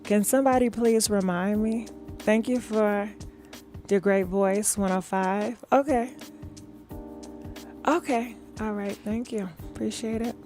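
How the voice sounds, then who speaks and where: A woman hosts a live gossip stream in a calm, soft, unhurried voice, taking her time between words. She chats casually and reads viewer comments aloud, filling pauses with "all right" and "mm-hmm". Faint music plays quietly underneath. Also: mid-range voice. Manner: calm, soft-spoken talk instead of her usual yelling; chatty, with many fillers like "all right" and "mm-hmm". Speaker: gossip show host.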